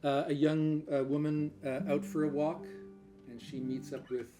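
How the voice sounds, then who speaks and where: A man's voice: fairly high pitch, flat delivery, normal speed, warm tone, soft background music. Wry man introducing a folk song. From Newfoundland. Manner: dry, wry humor. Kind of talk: casual stage banter at a concert. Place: living room house concert.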